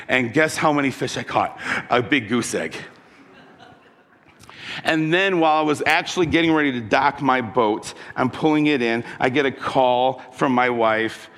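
A pastor delivering a conversational sermon, telling personal stories and putting questions to the congregation. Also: male voice, mid-range voice, normal speed, fairly bright tone, big-room sound.

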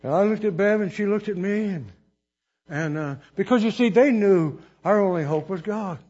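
A man's voice: high voice, normal speed, darkish tone, husky, dull audio. A man preaching a sermon, telling his own testimony in an earnest, emotional way with chuckles between lines.

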